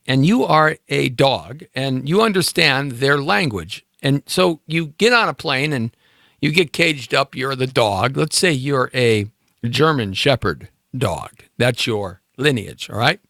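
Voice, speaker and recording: A man's voice: a little high, creaky, fairly bright tone, no room sound, studio quality. A man hosting a live talk show in a casual, rambling, playful monologue, speaking directly to his listeners.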